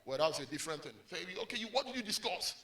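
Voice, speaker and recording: A male pastor preaching a sermon, animated and full of call-and-response prompts to the congregation. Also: on the high side, very fast.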